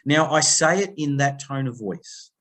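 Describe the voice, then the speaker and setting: A man's voice: medium pitch, a little slow. A middle-aged Australian man talking as a podcast guest, telling stories with energy and acting out the other voices in them. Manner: animated storytelling, acting out phone quotes. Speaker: guest, people-pleasing coach. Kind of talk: conversational podcast interview.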